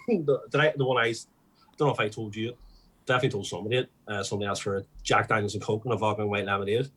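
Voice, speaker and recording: A man's voice: on the low side, fairly even intonation, very fast, fairly bright tone, slightly rough. A young man, a podcast guest, rambling through sweary stories in casual chat.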